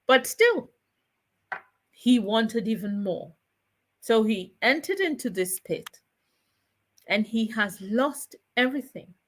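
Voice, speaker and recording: A woman from Ghana, hosting a chat show and telling a folk tale with a moral in an expressive, deliberate way. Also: mid-range voice. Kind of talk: storytelling with a moral.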